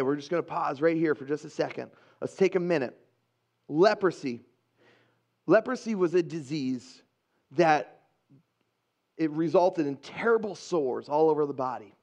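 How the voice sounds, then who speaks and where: A man pastor preaching a sermon in an earnest, conversational way, with pauses for emphasis. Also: a little high.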